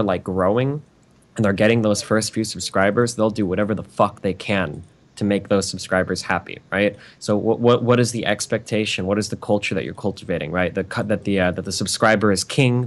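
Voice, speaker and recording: A man who streams, a podcast guest explaining his view methodically in casual chat. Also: lowish voice.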